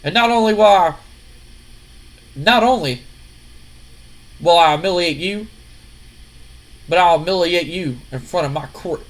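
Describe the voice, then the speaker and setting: A man's voice: sits high, a little slow, pauses often. A man voicing an older wrestling king who scolds and mocks his son. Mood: scornful. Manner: scolding, mocking, shouting.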